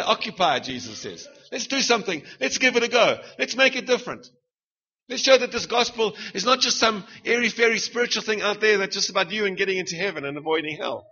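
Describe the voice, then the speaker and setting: A man's voice: high voice, bright, forceful tone, husky, muffled recording. A middle-aged man with a South African accent preaching a sermon, punchy and humorous, firing rhetorical questions at the congregation.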